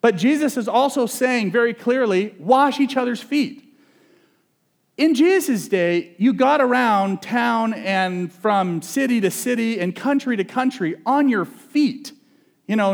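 A male pastor preaching a sermon in a relaxed, conversational and humorous way, often asking the audience questions. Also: extremely high pitch, unhurried.

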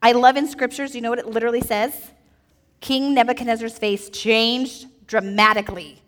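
Woman children's storyteller, playful and animated, slightly high voice, echoey church hall. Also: moderate pace. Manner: lively, playful, asks children questions. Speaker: children's message teacher.

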